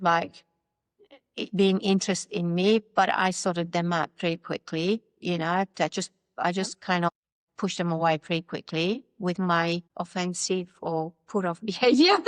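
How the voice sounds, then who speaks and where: A woman's voice: lowish voice, fairly even intonation, a little slow, clear, resonant tone, no room sound. A woman from Poland telling her life story as an interview guest, candid and wry, acting out the voices she quotes and laughing often. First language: Polish.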